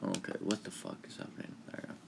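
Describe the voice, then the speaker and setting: A man's voice: fast, noisy background. A young man casually retelling a fan-made anime story while playing a video game, full of fillers, restarts and offhand swearing.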